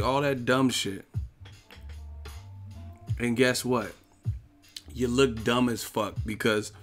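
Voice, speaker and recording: A man hosting a boxing live stream, ranting in a profane, confrontational way. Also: medium pitch. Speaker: boxing channel host.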